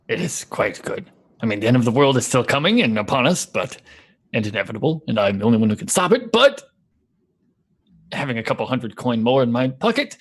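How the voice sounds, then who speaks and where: A player voicing a pompous, self-important older male adventurer who speaks grandly about himself in a slightly husky voice. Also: mid-range voice.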